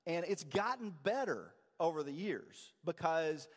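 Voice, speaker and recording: A man preaching to his congregation in a loose, animated, self-deprecating way. His voice sits a little higher than most men's. The sound carries the long reverb of a church sanctuary. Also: unhurried. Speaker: pastor. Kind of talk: sermon.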